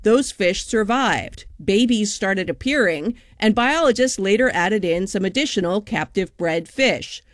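Female correspondent, scripted news piece, even and clear, dry sound. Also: medium pitch, unhurried, hardly any pauses, dry recording. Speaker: radio correspondent.

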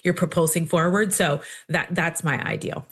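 A podcast guest explaining ideas in a thoughtful, measured way. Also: medium pitch, fairly bright tone, slightly rough. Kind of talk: casual chat.

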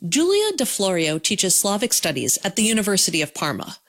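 A female reporter narrates a radio feature with a lively, varied pitch. Her delivery is expressive and storytelling. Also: fairly quick. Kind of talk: scripted news feature narration.

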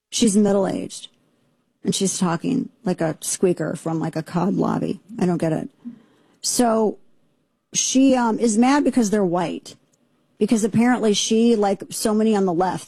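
A woman's voice: lowish voice, warm tone, breathy edge, dry recording. Sarcastic woman talk radio host. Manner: indignant, sarcastic, rambling. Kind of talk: opinionated talk radio monologue. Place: radio studio. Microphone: studio microphone.

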